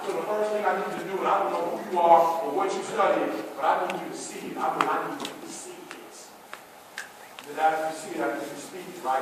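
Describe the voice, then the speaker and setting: A man with a high voice delivers a fired-up motivational speech, challenging the crowd and then dropping to a hush. He sounds far from the mic in a big hall with long echo. Faint audience noise sits behind him. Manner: preachy, call-and-response, swings between loud and hushed. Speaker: motivational speaker.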